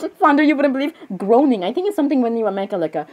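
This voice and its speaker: Brief: high, lively young woman, giggly and flustered in a comic role-play. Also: rapid-fire, lo-fi sound, noisy background. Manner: giggly, flustered, many apologies and fillers. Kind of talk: comedic role-play reacting to clips.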